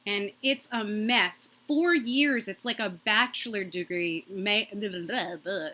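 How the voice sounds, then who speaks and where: A woman from Massachusetts performs a stand-up set into her own microphone on a video call. Her voice is bright and forward, and she snaps through the jokes and laughs at her own punchlines. A faint hiss sits under the recording. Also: medium pitch, fairly even intonation. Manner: quick, punchy joke delivery with self-laughs. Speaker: stand-up comedian.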